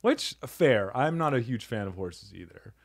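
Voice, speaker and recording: A man hosting a casual comedy podcast, playful and quick to laugh as he riffs on jokes. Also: mid-range voice, very animated. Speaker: podcast host.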